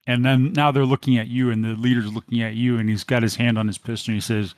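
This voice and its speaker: A man's voice: medium pitch, fairly even intonation, fast talker, dry recording. A man narrating as game master, rambling with many fillers.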